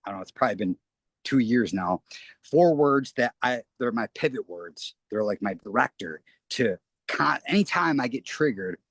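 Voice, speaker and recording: A man's voice: medium pitch, lively intonation, moderate pace, fairly bright tone, slightly rough, dry recording. A man talking as an interview guest, rambling earnestly and often restarting his phrases. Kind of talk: casual spoken interview.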